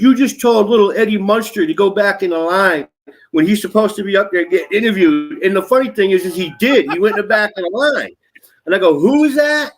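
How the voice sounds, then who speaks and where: Fifties male actor guest, animated raconteur, quotes in voices, salty language. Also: sits high. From Nashville area. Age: 50s. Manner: animated storyteller, acts out quotes, swears freely. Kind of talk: casual storytelling interview.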